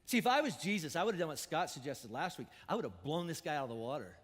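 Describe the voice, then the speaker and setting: Pastor, male, higher-pitched, preaches with animated swings from loud to hushed, in a reverberant church. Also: fast talker. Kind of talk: sermon. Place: church auditorium.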